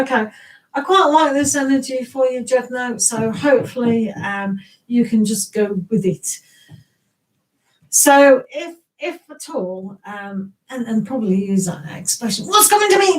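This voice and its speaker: An English woman with a somewhat high voice talks through a tarot reading in a loose, conversational way. She chats to viewers, laughs often and trips over her words as she goes. Her voice sounds a little distant from the microphone. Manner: chatty and rambling, greets viewers, laughs often, many restarts. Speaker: tarot reader hosting a live stream. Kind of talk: casual live-stream reading.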